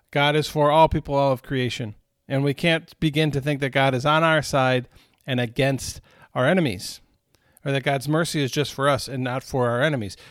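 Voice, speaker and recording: A man's voice: medium pitch, dry recording, clean studio sound. A man leading a recorded Bible study, teaching in an earnest, conversational way with frequent asides to his listeners.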